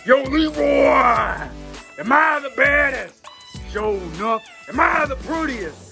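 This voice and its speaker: A man doing an impression of a swaggering martial-arts film villain, shouting boastful questions. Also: extremely high pitch, animated, slow pace, gravelly, faint music behind, pitched above the performer's own voice, heavily acted.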